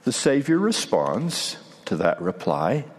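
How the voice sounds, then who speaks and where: A man giving a sermon in a measured way, with dramatic pauses, in a hall with a long echo. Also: mid-range voice, wildly swooping pitch, slightly rough. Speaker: preacher.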